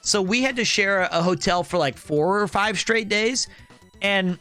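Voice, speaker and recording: A young man hosting a stream, telling a rambling, joking story in a casual, animated way. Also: high voice, normal speed, faint music behind. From United States. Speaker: streamer host.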